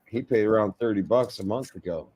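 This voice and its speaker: A man's voice: fairly low pitch, brisk. A man chatting casually with friends, cursing freely and acting out the voices of people in his stories. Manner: profane, animated, acts out voices in anecdotes. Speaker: host, shop worker. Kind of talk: casual chat, storytelling.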